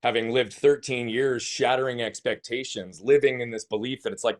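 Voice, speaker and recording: Guy, thirties, animated storyteller who swears and asks rhetorical questions. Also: medium pitch, normal speed, hardly any pauses. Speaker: guest. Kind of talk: conversational storytelling.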